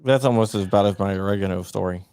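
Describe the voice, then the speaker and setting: A man hosting a casual chat, telling stories in a relaxed way. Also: fairly low pitch, fast talker, clean tone. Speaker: host.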